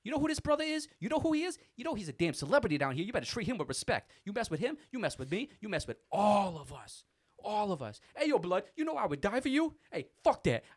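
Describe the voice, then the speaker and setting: A man voicing a loud, gushing store regular who shouts his praise in a high, excited voice. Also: quick pace, few pauses. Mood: fervent.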